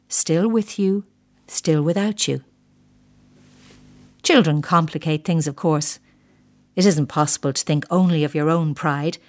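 Middle-aged woman reading a story, lowish voice, calm and kinda bitter. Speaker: narrator. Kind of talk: scripted first-person story reading.

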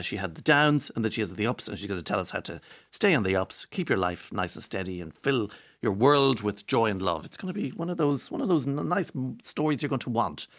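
Male radio presenter, rapid patter, rambling jokey asides, studio mic. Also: medium pitch. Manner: rapid, rambling, joking asides with frequent restarts. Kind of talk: lively morning radio chat.

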